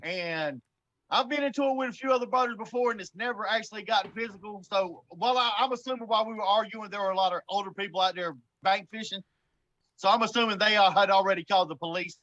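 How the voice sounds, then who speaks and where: A man's voice: sits high, quick pace, bright, forceful tone, lo-fi sound. A man, a show guest telling a story in a casual, blunt way and laughing often as he goes. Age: 40s. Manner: blunt, swears freely.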